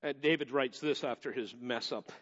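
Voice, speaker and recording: A man with a slightly bright, medium-pitched voice preaches a sermon at a normal pace, starting conversationally and building to emphatic stretches. The recording is dull and lo-fi, with echo from a hall.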